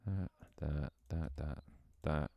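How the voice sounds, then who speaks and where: Speaking slowly in a warm, rumbling low voice with vocal fry, this man talks through a game level build on a livestream. He grumbles to himself, curses a lot, trades jokes with chat, and occasionally his voice cracks. It's studio quality, free of echo.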